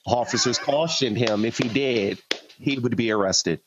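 A man co-hosting a podcast in casual, hesitant banter full of pauses. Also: mid-range voice, background noise. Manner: laid-back, hesitant, full of ums. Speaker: podcast co-host. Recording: dry, slightly dull podcast audio.

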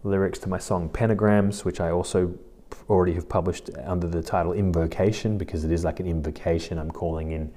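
A man talks through a solo podcast episode in a relaxed, rambling way. His voice sits low and sounds dark and mellow. He thinks aloud as he goes. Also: brisk. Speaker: podcast host. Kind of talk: casual solo podcast monologue.

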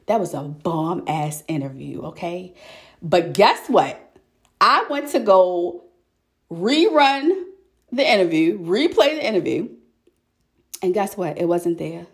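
A young woman podcast host chatting casually, telling a story in an animated way and calling her listeners y'all. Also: fairly low pitch, slow pace, long pauses. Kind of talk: casual solo chat.

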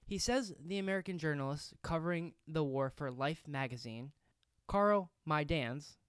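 Man, casual history podcast narration, slightly high voice, reflective asides, dry close sound. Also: clean tone, no echo. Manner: conversational, with reflective personal asides and fillers.

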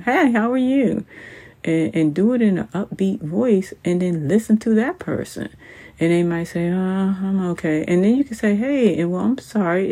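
A podcast host talking alone to listeners in a soft, halting way, full of "you know" fillers. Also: mid-range voice, creaky, slightly rough. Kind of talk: solo podcast talk.

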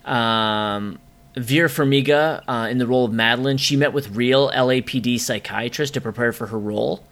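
This is a man with a bright, forceful voice, co-hosting a casual movie podcast. He talks excitedly and swears freely, with plenty of ums. His voice sits at an ordinary middle pitch. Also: normal speed. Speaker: podcast co-host.

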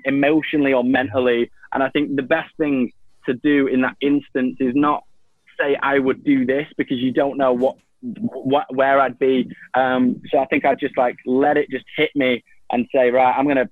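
A man's voice: mid-range voice, dry recording. Rambling young man on a tinny line. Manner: rambling, many restarts and fillers. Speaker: guest. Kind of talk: casual reflective interview answers. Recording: tinny phone-like line, dry.

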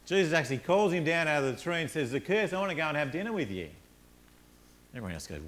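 Animated male preacher. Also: on the high side, racing. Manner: animated storytelling, acts out characters. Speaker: pastor. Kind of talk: sermon.

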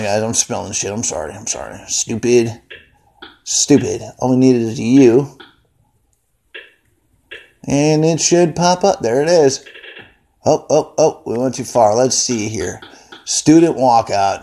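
A man's voice: medium pitch, unhurried, creaky, warm tone. Angry, profane man ranting into his phone. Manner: angry, heavily profane, rambling. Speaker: vlogger. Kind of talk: unscripted profane rant. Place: indoors at home, seated.

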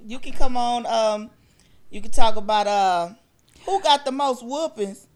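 A woman's voice: fairly high pitch, measured pace. A woman co-hosting a podcast in casual chat, teasing and playful. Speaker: podcast co-host.

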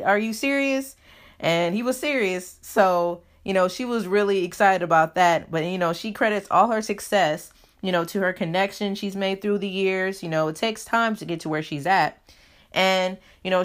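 A woman hosts her own podcast as an easygoing solo chat, speaking loosely and casually. Her voice is slightly low yet a bit bright, and she packs her chatty sentences with "you know."

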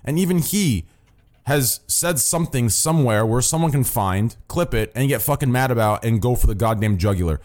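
A young man holds forth to his stream's voice chat, swearing freely and hammering his points with "listen" and "okay?". His voice sits in an ordinary middle pitch and he talks as the host of the call. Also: expressive, normal speed, darkish tone. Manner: swears constantly, repeats "listen" and "okay?", blunt. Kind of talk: casual profane stream rant.

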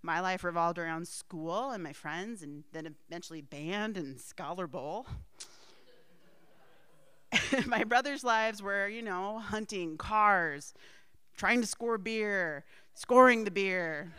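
Bright, crisp woman telling family stories. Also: mid-range voice, slow, no echo. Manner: rambling, laughs often, asides. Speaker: storyteller. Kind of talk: personal storytelling.

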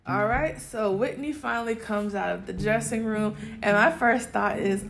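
A young adult woman hosting a podcast, recapping a TV episode in a casual, animated way, swearing freely and laughing as she talks. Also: medium pitch, moderate pace, gravelly, few pauses, a little hiss or hum. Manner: animated, profane, laughing storyteller. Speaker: podcast host.

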